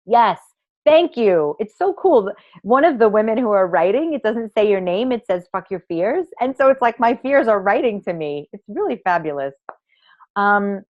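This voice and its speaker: Theatrical, lively-voiced woman workshop host. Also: mid-range voice, no echo, lo-fi sound. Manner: theatrical, emphatic and gushing, with swearing. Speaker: online workshop host and women's coach. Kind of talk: live online masterclass talk.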